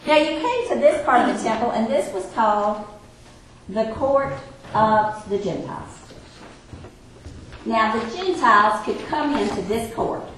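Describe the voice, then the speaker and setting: A woman preaching an expository sermon, emphatic and slowing down on key phrases. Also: a little high, lively intonation, a little hiss or hum. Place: church or classroom with a board. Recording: echoey room with faint ambience.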